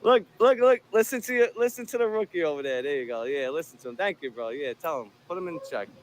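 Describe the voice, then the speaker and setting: Combative male vlogger, phone in hand outdoors, slightly higher pitch, taunting and profane. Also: lively intonation, fast talker, a little hiss or hum. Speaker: video host filming encounters. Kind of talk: confrontational street filming. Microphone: handheld phone.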